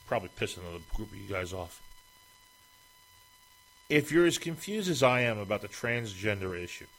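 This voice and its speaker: A man's voice: fairly low pitch, a bit bright, rough recording. A man hosting an opinion monologue, speaking emphatically and firing off rhetorical questions.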